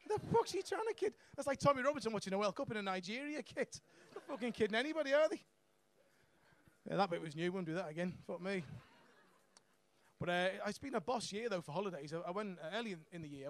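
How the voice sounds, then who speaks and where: A man's voice: sits high, expressive, fast talker, fairly bright tone. A young man doing a stand-up set on a comedy club stage, brash and sweary, laughing at his own jokes.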